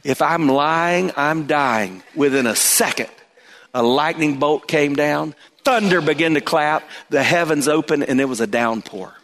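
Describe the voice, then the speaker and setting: A middle-aged man preaching a sermon as pastor, telling a personal story with animated emphasis. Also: on the high side, moderate pace. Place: church sanctuary. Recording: long reverb of a church hall.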